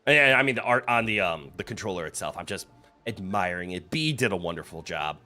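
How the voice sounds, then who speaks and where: A male game streamer talks through his play in a bright, forceful voice, his pitch swinging widely. He chats casually, reads game text aloud and throws in playful exclamations. Faint game music sits beneath him. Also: expressive, brisk. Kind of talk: casual gameplay commentary.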